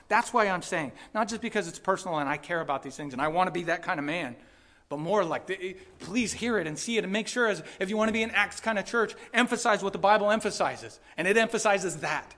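Impassioned high-voiced male pastor. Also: brisk. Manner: impassioned, swings between loud pleading and quiet reflection. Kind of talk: sermon.

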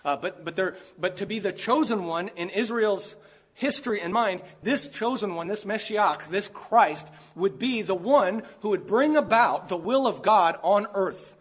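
A man's voice: high-pitched, animated, unhurried, husky. A man preaching a sermon while sick, stressing his points by stacking and repeating key words.

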